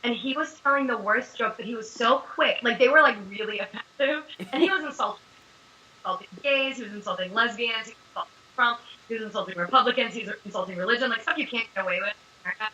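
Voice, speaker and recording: A young actress talking in a very bright, forceful, slightly high voice. She tells rambling, animated stories in casual interview chat, with lots of fillers. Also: fast talker, highs cut off. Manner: chatty, animated storyteller, many fillers.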